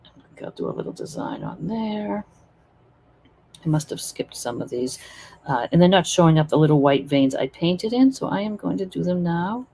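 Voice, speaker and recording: A woman's voice: lowish voice, animated, normal speed, creaky, dark tone, slight background noise. Chatty woman teaching painting live. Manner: chatty, encouraging, thinks aloud while working.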